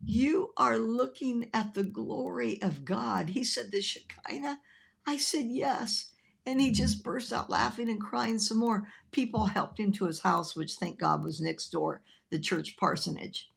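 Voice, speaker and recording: A woman evangelist preaching a broadcast sermon, telling a story with animated quoted voices. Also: fairly high pitch, unhurried, gravelly, husky. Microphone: filmed by an assistant.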